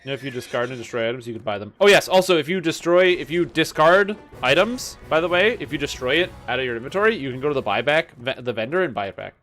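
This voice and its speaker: A man's voice: medium pitch, animated, quick pace, hardly any pauses, fairly bright tone, soft background music. A man streaming a game, chatting casually and breaking into joking, incredulous rants. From Canada. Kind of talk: casual gameplay chat.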